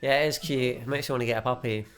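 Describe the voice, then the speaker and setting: A man's voice: medium pitch, steady tone, rapid-fire. A young man with an easy middle-range voice, reacting to a film for the first time. He keeps poking at things with teasing, puzzled questions, and faint music plays behind him. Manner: quizzical, teasing, asks lots of questions. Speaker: co-host of a film reaction channel. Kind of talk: casual chat.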